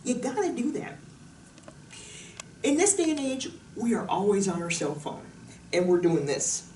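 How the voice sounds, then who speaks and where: A woman's voice: medium pitch, big pitch swings, a little slow, dark tone, far from the mic. A woman fitness instructor talking casually through an exercise demonstration, bubbly and jokey. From Pacific Northwest of the US. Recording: roomy echo, voice from off the mic, faint noise.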